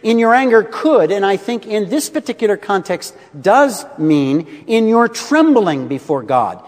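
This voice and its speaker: A man preaching a sermon as pastor, expressive, swinging between rising emphasis and soft, quiet drops. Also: sits high, unhurried, in a large hall.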